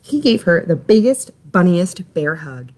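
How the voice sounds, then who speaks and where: A woman reading a children's story aloud for library storytime, in an expressive, animated way. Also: on the low side, unhurried, a little hiss or hum.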